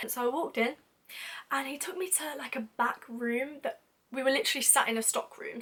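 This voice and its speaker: A woman's voice: fairly high pitch, fairly bright tone, slight background noise. A young British woman telling a storytime vlog in a chatty, self-mocking way. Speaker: vlogger.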